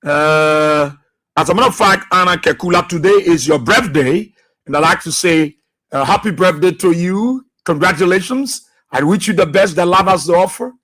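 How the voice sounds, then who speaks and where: A man hosting a live radio show, reading out listeners' names and places in an unhurried way with many pauses. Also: sits high, fairly bright tone. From Liberia. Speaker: radio host.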